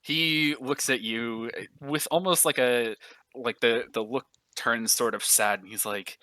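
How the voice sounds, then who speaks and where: A man's voice: mid-range voice, steady tone, measured pace, pushed and bright, dry recording, rough recording. A man running a tabletop game as dungeon master, describing scenes casually with lots of "like" and "um". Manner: casual, filler-heavy description.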